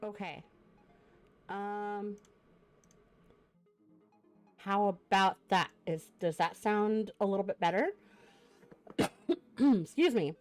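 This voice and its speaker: A variety streamer hosting a guest chats to her live viewers through a desk mic, gushing thanks with many fillers and sounding congested from a cough. Her medium-pitched voice goes slowly with long pauses, and faint music plays behind.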